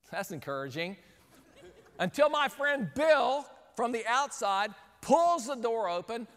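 A man giving a sermon to parents, telling a story and acting out the scenes as he goes. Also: high voice. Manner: animated storyteller, acts out scenes. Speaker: speaker. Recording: long hall reverb.

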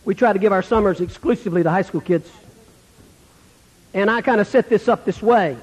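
This sermon comes from a high-pitched, slightly rough male voice with a fairly quick pace and a Southern American accent. He shifts dramatically, acting out those he quotes and falling to a near-whisper, all echoing with a hall's long reverb.

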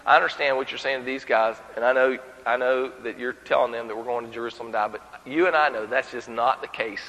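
A man's voice: mid-range voice, fairly even intonation, quick pace, in a large hall, voice pushed down, low-quality recording. A preacher putting on a blustering, brash fisherman disciple. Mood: pushy confiding. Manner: loud, blustering, overeager.

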